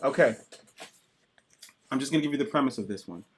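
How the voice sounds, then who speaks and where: A man co-hosting a podcast, reviewing comics in excited, profane casual chat and acting out characters in quick bits. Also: mid-range voice, a little hiss or hum. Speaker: podcast co-host.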